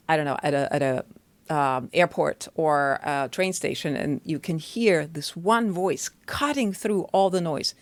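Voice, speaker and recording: Woman, voice teacher, singing lesson, chatty explainer, smooth clear tone, dry close sound. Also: on the low side, dry recording. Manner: chatty, explains step by step, checks in with "right?".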